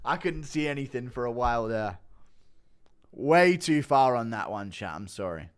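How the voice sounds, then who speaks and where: Male streamer, casual, rambling and self-mocking, mid-pitched and loose with the profanity. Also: animated, normal speed, clean tone. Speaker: streamer host. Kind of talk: casual live-stream chat.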